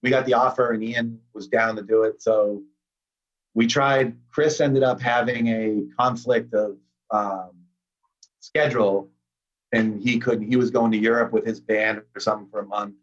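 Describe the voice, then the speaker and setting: Podcast guest: relaxed, rambling man with a husky voice on a dull, lo-fi call line. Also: lowish voice, normal speed. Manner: laid-back, rambling with many fillers. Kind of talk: casual conversation.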